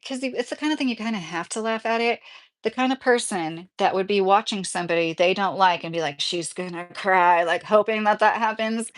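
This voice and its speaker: A woman livestreamer reading out chat comments and answering them in a heated, casual way. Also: medium pitch.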